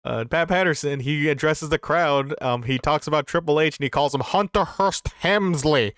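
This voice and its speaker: A man's voice: a little high, fairly even intonation, fairly quick, a bit bright, clear, resonant tone, dry recording, clean studio sound. A man co-hosting a wrestling podcast, talking eagerly in casual chat. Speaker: podcast co-host.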